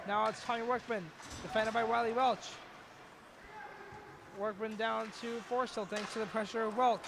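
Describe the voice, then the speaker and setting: A young man calling live hockey play-by-play, quick and excitable, jumping to shouts when a chance comes. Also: sits high, gravelly, noisy background. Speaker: play-by-play commentator.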